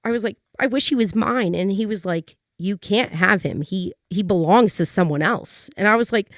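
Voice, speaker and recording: Lively young woman telling a story. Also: medium pitch, normal speed, no echo, clean studio sound. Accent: New England American. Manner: animated, laughing often, acts out quotes. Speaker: guest, dog trainer. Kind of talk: casual storytelling chat.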